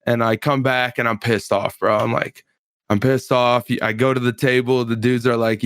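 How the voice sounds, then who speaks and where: A man's voice: mid-range voice, level tone, moderate pace, fairly bright tone, smooth, dry recording, studio quality. A man in his twenties, a pro fighter, telling a story in casual chat on a podcast, laid-back and full of slang and filler words.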